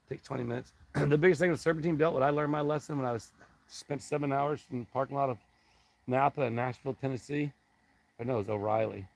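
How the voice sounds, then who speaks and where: A middle-aged man hosting a casual live stream, rambling and halting as he reads viewer comments aloud and chats back. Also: medium pitch, creaky, no room sound, poor audio.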